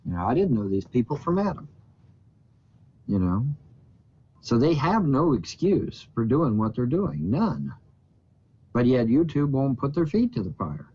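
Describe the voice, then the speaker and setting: A man rambles to camera in a profane, aggrieved way, circling back and restarting his sentences. His voice sits at an ordinary middle pitch. The recording is dull and lo-fi. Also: big pitch swings, moderate pace, dark tone, slightly rough. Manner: profane, indignant, repeats and restarts himself. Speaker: YouTuber.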